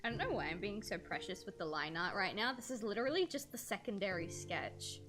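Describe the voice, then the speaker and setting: Over music, a young streamer and artist talks fairly quickly in a medium-pitched, animated voice as she draws on a livestream. Her casual stories wander, loaded with slang and plenty of cursing.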